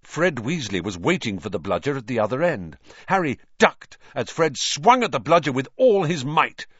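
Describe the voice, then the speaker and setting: A man narrating a children's fantasy novel in a dramatic, lively reading. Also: medium pitch, normal speed, husky, no echo, dull audio. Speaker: audiobook reader. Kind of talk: storybook narration.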